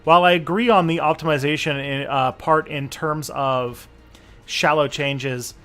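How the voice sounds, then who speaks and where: A man's voice: a little high, steady tone, measured pace, bright, forceful tone. A Canadian man co-hosting a casual political chat, rambling and restarting as he thinks aloud. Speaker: co-host.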